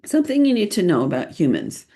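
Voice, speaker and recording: A middle-aged woman hosting a podcast, chatting casually and playfully about photographing children, laughing often and pausing with lots of ums. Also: fairly low pitch, wildly swooping pitch, warm tone. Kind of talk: casual podcast talk, giving tips.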